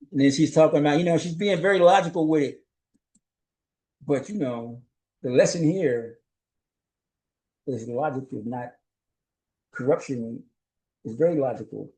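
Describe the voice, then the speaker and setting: A male journalist hosts his own show, talking through a solo commentary recap. His voice sits a little high for a man. He talks in a loose, rhetorical way, keeps checking in with "right?", and chuckles as he goes. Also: normal speed, long pauses, dark tone, rough recording. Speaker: host and journalist.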